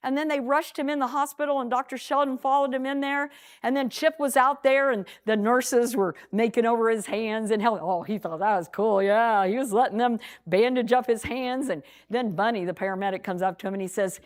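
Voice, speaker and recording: A woman telling a picture story to children at a church program, animated and repeating words as she goes. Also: fairly high pitch, normal speed.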